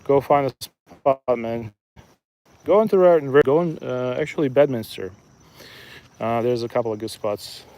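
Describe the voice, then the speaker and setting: Man, relaxed fishing commentary, outdoors by a river, chatty. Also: medium pitch, normal speed, pauses often. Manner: relaxed, chatty, talks to viewers while fishing. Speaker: fishing streamer. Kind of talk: casual live-stream commentary.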